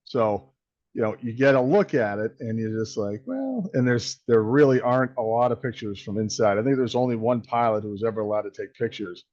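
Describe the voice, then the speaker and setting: A man's voice: fairly low pitch, steady tone, a little fast, darkish tone, dry recording, dull audio. A man hosting a casual interview, easygoing, explaining a picture he found online. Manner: easygoing, reacts with short affirmations. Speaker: host.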